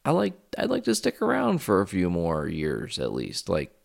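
A man in his thirties talks straight to his audience in a deep voice with a rough, creaky edge. His stories ramble and wander, full of swearing and casual asides, as if chatting with friends. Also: huge pitch swings, moderate pace. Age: 30s. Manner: rambling, profane, confessional. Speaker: vlogger. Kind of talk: casual storytelling vlog.

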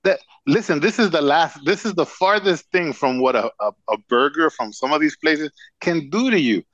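Male doctor guest, blunt storyteller, slightly high pitch, dry close mic, a bit dull. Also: lively intonation, moderate pace, a bit bright, no room sound. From Dominican Republic. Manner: blunt, profane, storytelling with emphatic asides. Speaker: cigar company CEO and physician guest. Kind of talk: casual podcast interview.

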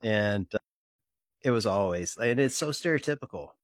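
Joking middle-aged-sounding podcast host, dry sound. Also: male voice, on the low side, moderate pace, dry recording. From Mississippi. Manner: joking, animated storytelling. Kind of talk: casual interview chat.

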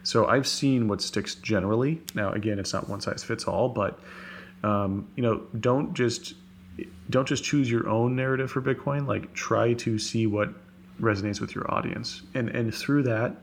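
Gravelly-voiced man talking casually on a call. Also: mid-range voice, fairly even intonation, a little hiss or hum. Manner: fast, filler-heavy talk with many restarts. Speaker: podcast guest. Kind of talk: casual conversation. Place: home office on a video call. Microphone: video call.

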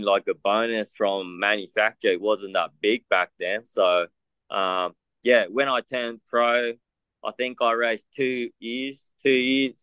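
A man's voice: mid-range voice, bright, forceful tone, smooth, dry recording. A middle-aged Japanese man with an Australian accent, chatting loosely in an interview and filling gaps with lots of "you know". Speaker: motocross test rider. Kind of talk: casual interview chat.

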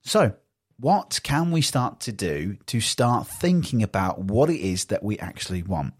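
A man talks through his podcast on his own. His voice has a slightly husky grain and swings widely in pitch as he chats. He sounds animated and conversational, and he often acts out little everyday exchanges. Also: unhurried. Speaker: podcast host. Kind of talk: casual solo podcast talk.

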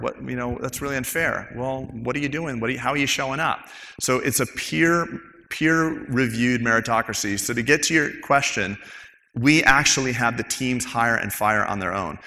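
Man, practice owner on a panel; bright, animated, mimics coworkers; hall reverb. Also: medium pitch. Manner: animated storytelling, acts out coworkers' quotes. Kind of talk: casual panel talk.

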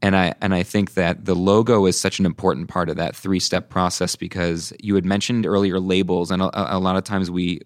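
An enthusiastic man with a low, deep voice hosts a podcast interview and affirms his guest as he asks questions. The sound is dry and close to the mic. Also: dry recording. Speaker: podcast host.

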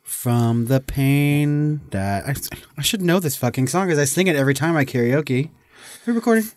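A man's voice: on the high side, animated, normal speed, darkish tone, no echo, studio quality. A young man co-hosting a casual podcast, joking, swearing and giggling through bloopers. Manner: giggly, profane, jokey. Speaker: podcast co-host.

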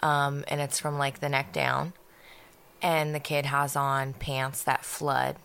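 A woman's voice: rumbling low, flat delivery, slow, creaky, a bit bright, a little hiss or hum. A woman co-hosting a podcast, chatting casually and telling stories in a blunt, profane way. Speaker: podcast co-host. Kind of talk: casual chat.

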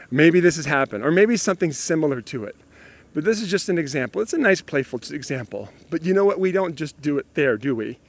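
A man's voice: on the high side, dry recording. A man giving a playful motivational talk, laughing often and acting out inner thoughts, sometimes dropping to a near whisper. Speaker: motivational speaker.

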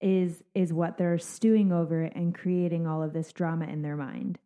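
A woman co-hosting a coaching podcast in casual chat, lively and laughing along, calling listeners out. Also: on the low side, normal speed.

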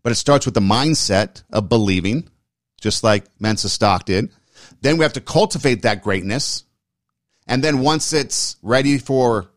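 A talk show host with a mid-range voice speaks unhurriedly in clean studio sound without echo. His casual, conversational commentary is emphatic and keeps repeating and rephrasing itself.

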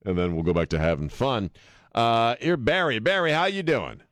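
A man's voice: mid-range voice, lively intonation, moderate pace, a bit bright, no echo, clean studio sound. A man hosting a talk radio show, blunt and joking, mixing banter with callers and the news. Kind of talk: talk radio monologue and call-in.

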